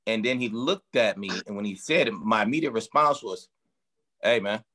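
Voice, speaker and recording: A man's voice: lowish voice, animated, moderate pace, a bit bright. A man who coaches boxers, talking casually in an interview and explaining his work through emphatic, vivid analogies. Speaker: strength and conditioning coach for boxers.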